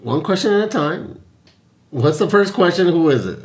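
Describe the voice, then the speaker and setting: A man's voice: fairly high pitch, expressive, moderate pace. A man hosting a podcast in casual chat, tipsy from vodka shots, laughing and playful. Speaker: podcast host.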